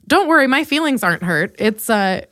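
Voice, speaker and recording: A woman hosting a comedy podcast, telling stories in casual chat, laughing often and jumping up in pitch when she quotes people. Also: moderate pace, no room sound, clean studio sound. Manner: animated storytelling, quoting others with big pitch jumps. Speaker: podcast host.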